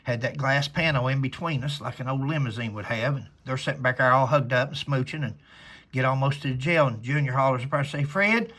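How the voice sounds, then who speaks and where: A man's voice: medium pitch, fairly even intonation, fast talker, fairly bright tone. A man, a former police officer, telling a rambling, folksy story in casual conversation to camera.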